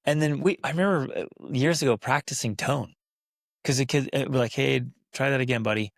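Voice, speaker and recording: A man's voice: medium pitch, a little fast, vocal fry, no room sound, studio quality. A man hosting a parenting podcast, chatting casually and acting out the kids and parents he quotes. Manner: acts out quoted kids and parents in lively voices. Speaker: podcast host.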